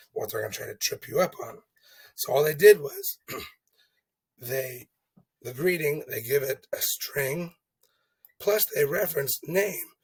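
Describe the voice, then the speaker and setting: A man's voice: mid-range voice, slightly rough, low-quality recording. A man explaining coding exercises in a casual lesson, chatty and thinking aloud, often checking in with "okay?". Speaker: teacher walking through coding exercises. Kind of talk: casual screen-recorded lesson.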